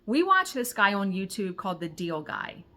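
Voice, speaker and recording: Bright, animated woman telling a story. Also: medium pitch, moderate pace. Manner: animated, retells conversations, swears when excited. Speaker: crafting vlogger. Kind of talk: casual storytelling to viewers.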